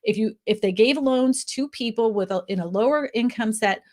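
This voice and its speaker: A woman with a fairly high voice talks passionately over a video call. She rants with rising feeling and breaks into laughter now and then. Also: normal speed, a little mellow. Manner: passionate, ranting, laughs often. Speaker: real estate agent panelist. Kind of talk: casual panel chat.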